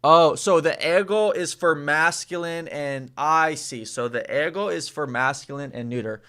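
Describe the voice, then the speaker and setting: A young man learning a language in a casual lesson, hesitant, repeating phrases slowly as he practices. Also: a little high, bright, forceful tone, clear, resonant tone.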